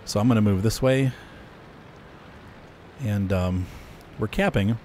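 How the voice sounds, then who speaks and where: A man giving casual gameplay commentary in a relaxed, chuckling manner. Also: on the low side, slow, slight background noise. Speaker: game commentator.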